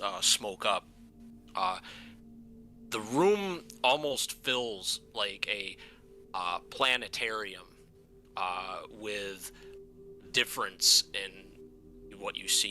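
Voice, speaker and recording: A man narrating a tabletop game as game master, halting with many fillers. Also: fairly low pitch, sharp tone, a little hiss or hum.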